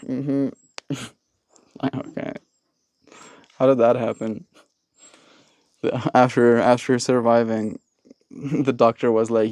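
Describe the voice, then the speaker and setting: A man's voice: medium pitch, flat delivery, takes it slowly, pauses often, darkish tone, no room sound. A man hosting a live stream, chatting casually with viewers and laughing often. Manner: playful, laughs often, mock voices for viewers. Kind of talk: casual live-stream chat reading chat messages. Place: outdoors with mosquitoes.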